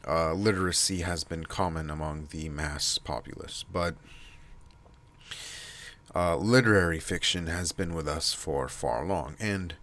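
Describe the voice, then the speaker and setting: A man with a nasal, stuffy voice and heavy breathing, rambling casually to his channel with many pauses and restarts. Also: low-pitched, a bit bright. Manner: halting, many fillers and restarts. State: stuffy from allergies. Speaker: channel host.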